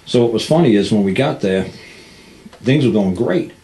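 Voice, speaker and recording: A man's voice: fairly low pitch, animated, normal speed, dark tone, poor audio. A man telling a rambling, blunt story in a casual way and acting out the people he quotes.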